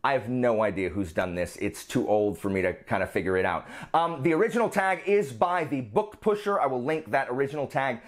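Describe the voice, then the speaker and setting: Lively, animated male book vlogger. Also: mid-range voice, fairly quick, hardly any pauses. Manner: lively, rambling, playful asides. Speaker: book channel host. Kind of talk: casual chat.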